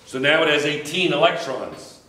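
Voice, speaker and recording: A man's voice: on the high side, animated, normal speed, pushed and bright. A man teaching a chemistry class, lecturing and teasing his students with jokes. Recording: echoey classroom with faint background noise.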